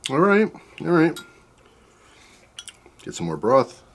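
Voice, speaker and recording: A man's voice: a little high, huge pitch swings, takes it slowly, vocal fry, fairly bright tone. A man tasting spicy soup on camera, talking in a chatty, rambling way with lots of fillers while his mouth burns from the heat. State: mouth burning from spicy food. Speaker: food reviewer. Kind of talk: casual taste-test vlog.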